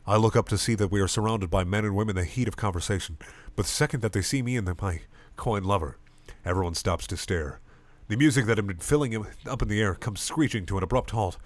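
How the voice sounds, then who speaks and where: A man reading a comedic parody story aloud with lively comic narration. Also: lowish voice, fast, no echo. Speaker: reader.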